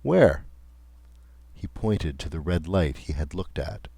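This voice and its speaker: A man reading a classic ghost story aloud in scripted audiobook narration, measured and deliberate. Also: very deep voice, warm tone, husky, no room sound.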